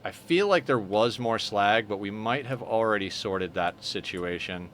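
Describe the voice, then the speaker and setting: A man's voice: on the low side, measured pace, a bit bright, slight background noise. A man streaming a game live, chatting casually and answering his viewers as he plays. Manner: chatty, answers viewer chat while playing.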